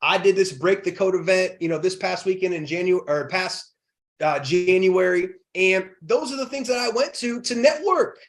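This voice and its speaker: A man in his thirties, a podcast guest, talking in an energetic motivational way with rhetorical questions. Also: sits high, moderate pace. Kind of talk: motivational interview talk.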